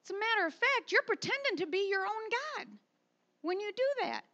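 A middle-aged woman and mother preaching a sermon, emphatic and animated, swinging from soft asides to loud pushes. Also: very high voice, moderate pace, muffled recording.

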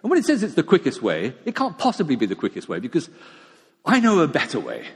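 A man's voice: on the high side, wildly swooping pitch, fast, slightly rough. A middle-aged man, preaching a sermon in a chatty, self-mocking storytelling way. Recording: long echo of a large hall.

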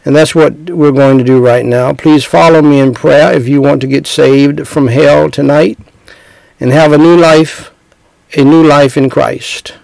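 A man's voice: a little high, steady tone, measured pace, gravelly, a little mellow, no echo, rough recording. A man preaching an evangelistic sermon, speaking earnestly and directly to the listener and leading a prayer phrase by phrase.

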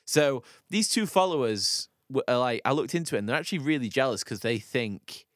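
A man's voice: mid-range voice, expressive, fairly quick, fairly bright tone, no echo, studio quality. A young man telling a story in casual chat as a podcast co-host, rambling and laughing with many restarts.

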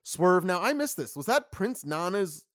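A man co-hosting a casual wrestling review stream, talking in an animated, chatty way and reacting to viewer chat. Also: high voice, normal speed, dry recording, studio quality.

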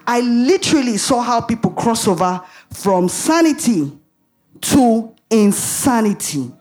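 A woman's voice: on the high side, sing-song, measured pace, darkish tone, soft background music. A woman preaching a sermon in an emphatic way, asking the audience rhetorical questions and laughing at herself.

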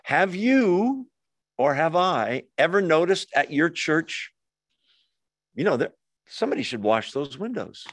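A man teaching a Bible study, lively and often asking the group rhetorical questions. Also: fairly high pitch, unhurried, dry recording, studio quality.

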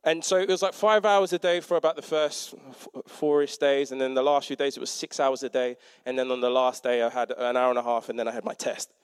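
A man's voice: medium pitch, a little fast, hardly any pauses, clean tone, no echo, clean studio sound. A young man giving a conversational sermon, telling a story with self-mocking humour and acting out the people in it. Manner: animated, self-mocking, acts out quotes. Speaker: preacher and teacher.

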